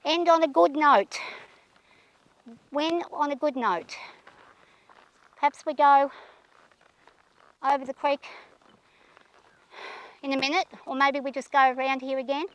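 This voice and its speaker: A woman talking while riding her horse outdoors, shaky and anxious, talking herself through her nerves and calming the horse. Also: sits high, unhurried, long pauses, dull audio. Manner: nervous, talks herself through, soothes the horse. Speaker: horse rider vlogger.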